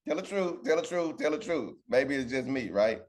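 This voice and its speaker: A man's voice: medium pitch, expressive, moderate pace. Man, Bible study teacher on a video call, loose and chatty, pulls in his group with "right?". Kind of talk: casual Bible lesson.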